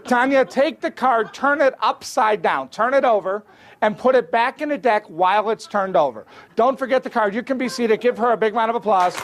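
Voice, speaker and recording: At a moderate pace and an extremely high pitch, a man performs a live comedy magic show as a stage magician, bantering playfully with a volunteer before an audience. The stage recording carries loud crowd noise.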